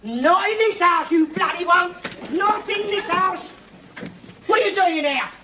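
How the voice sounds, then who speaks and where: Hectoring old blowhard, very high voice, studio audience laughter, hissy sitcom recording. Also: male voice, a little slow, exaggerated voice. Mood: defiant. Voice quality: loud, hectoring, swears constantly. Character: blustering bigoted old working-class man, ranting. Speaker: sitcom character. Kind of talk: 1970s sitcom acting.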